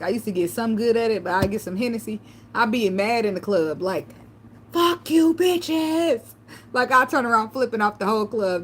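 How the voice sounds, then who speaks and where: A woman vlogger telling loose, profane stories in a relaxed chat, laughing often. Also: medium pitch, a little hiss or hum. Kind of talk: casual livestream chat.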